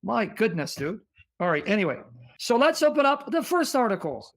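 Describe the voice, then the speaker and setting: Guy hosting a heated stream, pretty high voice, pushy and loud, reads quotes at you. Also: sing-song, normal speed. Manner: forceful, combative, reads sources aloud, breaks into singing. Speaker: livestream host. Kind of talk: heated debate livestream.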